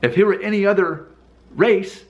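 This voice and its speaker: A man's voice: sits high, normal speed. A man talking casually to camera in a vlog, thinking aloud with rhetorical questions and restarts. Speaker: vlogger. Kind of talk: casual talking-head commentary.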